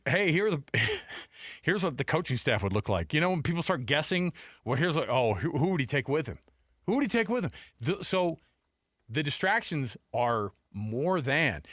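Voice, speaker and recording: Male sports radio co-host, animated and emphatic, a bit high-pitched, dry close mic. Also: no room sound. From United States. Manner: emphatic, acts out quotes with rhetorical questions.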